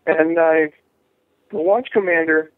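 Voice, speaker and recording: A man with a slightly high voice speaks on a tinny, dry phone line. He is an activist being interviewed. He talks in a lively way, restarts phrases and acts out what other people say. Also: unhurried, no echo. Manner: animated, acts out quoted voices, many restarts. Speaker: jury rights activist, guest.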